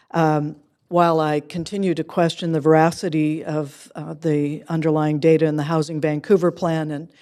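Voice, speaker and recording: Canadian woman councillor, losing her voice, low flat tone, dark, measured. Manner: brief, measured, formal. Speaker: city councillor. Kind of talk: council meeting remarks.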